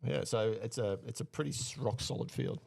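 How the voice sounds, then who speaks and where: A man co-hosting a casual podcast, running through names and betting odds in a relaxed way with frequent fillers. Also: medium pitch, fairly quick, creaky, dry recording. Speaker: podcast co-host giving betting picks.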